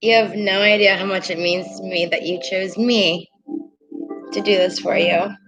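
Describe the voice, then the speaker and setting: An excitable woman reads tarot live for her viewers, gushing with thanks and enthusiasm. Her voice sits at an ordinary pitch, with soft meditation music playing clearly underneath. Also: low-quality recording. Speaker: tarot reader. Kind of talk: live tarot reading stream. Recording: clear music bed behind voice.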